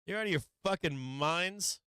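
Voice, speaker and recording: A man's voice: sits high, moderate pace, sharp tone, smooth, dry recording. A man hosting a live stream, ranting casually with lots of swearing and frequent laughs. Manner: profane, laughing often, rambling.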